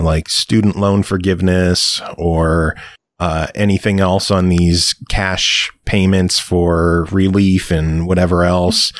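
A man's voice: sits low, no room sound, clean studio sound. A man hosting a podcast in casual chat, joking around and laughing often. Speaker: podcast host.

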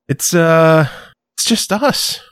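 A man's voice: a little high, slow pace, smooth, dry recording, clean studio sound. A man hosting a podcast in casual chat, joking around and laughing often. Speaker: podcast host.

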